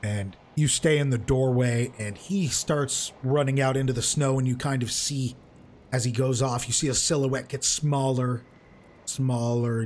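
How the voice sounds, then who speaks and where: A man's voice: mid-range voice, a little hiss or hum. A man working as game master, narrating a tabletop game in a loose, rambling way with many restarts. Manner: rambling, lots of fillers and restarts.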